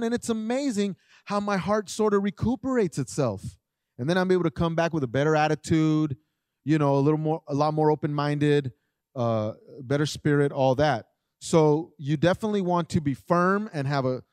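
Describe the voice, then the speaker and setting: A middle-aged man giving a conversational parenting talk, animated, often acting out what parents and children say. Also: on the high side, no room sound, clean studio sound. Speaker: parenting speaker.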